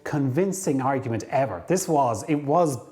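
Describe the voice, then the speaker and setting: Animated man telling a business story. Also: mid-range voice, normal speed. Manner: lively storyteller, acts out dialogue. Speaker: career coach. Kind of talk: storytelling to camera.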